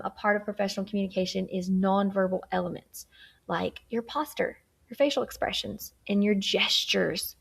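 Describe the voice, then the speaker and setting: A woman's voice: medium pitch, creaky. A woman teaching a workplace communication lesson in a chatty way, often checking in with "okay?" and acting out examples of tone. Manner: acts out tone examples. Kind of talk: recorded workplace skills lesson.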